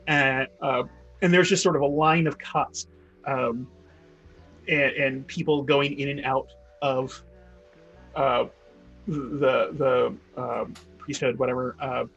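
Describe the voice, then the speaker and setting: A man's voice: mid-range voice, creaky, fairly bright tone, breathy edge, highs cut off. A man narrating a tabletop game as game master, rambling and restarting often. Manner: rambling, full of fillers and restarts.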